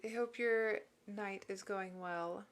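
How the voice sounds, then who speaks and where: A woman livestream host, emotional and teary, speaks slowly in a steady, medium-pitched voice. She warmly encourages viewers about mental health, reading and answering their chat messages.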